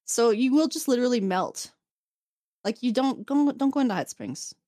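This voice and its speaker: Recapping an episode on her podcast, a woman co-host speaks casually and with energy, slipping into voices to act out what the characters said. She's on the high side in pitch and talks at normal speed. The audio is studio quality, with no room sound.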